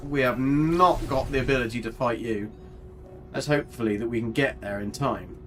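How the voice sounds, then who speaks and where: A man's voice: medium pitch, moderate pace, faint music behind. A man giving casual, chatty live commentary on a game, talking to his character and his viewers with mild swearing. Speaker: gaming streamer.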